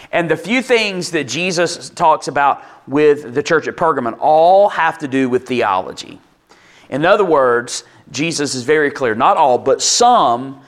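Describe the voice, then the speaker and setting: A pastor with a medium-pitched, slightly bright voice gives a conversational sermon to his congregation. He makes asides and restarts, acting out quoted lines in a livelier voice.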